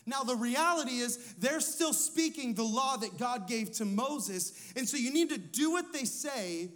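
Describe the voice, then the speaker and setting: A man's voice: very high voice, animated, measured pace, fairly bright tone, faint music behind. A man who is a lead pastor, preaching a sermon in a conversational way, asking his listeners questions and telling personal stories.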